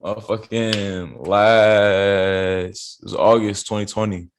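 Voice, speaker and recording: Young male rapper, very low voice, laid-back slangy storyteller, from South Carolina. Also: fairly even intonation, takes it slowly, a little hiss or hum. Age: young adult. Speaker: rapper, interview guest. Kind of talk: casual interview chat. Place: interview studio.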